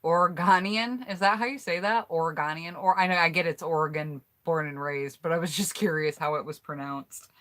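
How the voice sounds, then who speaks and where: A woman's voice: deep voice, brisk, hardly any pauses, fairly bright tone. An American woman hosting a casual live stream, reading out viewer comments and answering in a blunt, candid, chatty way. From United States.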